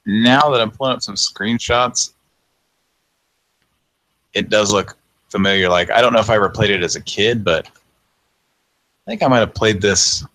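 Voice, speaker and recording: A tired man in his thirties hosts a late-night show, his voice very low with a gravelly fry. He chats loosely, thinks out loud and chuckles often, recorded close and dry. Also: unhurried, long pauses, no room sound. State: tired, yawning. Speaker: podcast host. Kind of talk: casual live-show chat.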